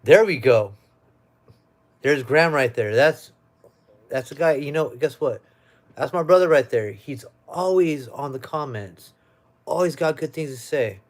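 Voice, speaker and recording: Here a young American guy on a home live stream casually works through viewer comments. His voice sits on the high side and sounds animated, though he talks a little slowly and pauses often; the audio comes from a webcam or phone.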